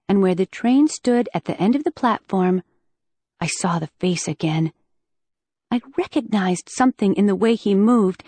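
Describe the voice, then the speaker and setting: A woman reading a first-person audiobook in a lively, wry storytelling manner, on a close studio mic. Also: mid-range voice, no echo. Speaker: audiobook narrator.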